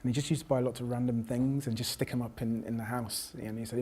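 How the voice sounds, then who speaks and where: Professor, reflective storyteller, mid-pitched, restarts a lot. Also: male voice, brisk, few pauses, mellow, slightly rough. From South London. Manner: reflective, with frequent restarts and quoted voices. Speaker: professor and panel guest. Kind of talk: personal storytelling in conversation.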